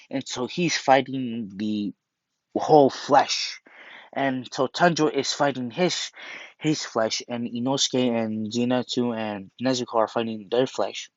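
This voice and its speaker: A man rambles through a story in casual speech, full of restarts and fillers. His voice sits at a middle pitch. The recording is muffled and lo-fi, with no room echo.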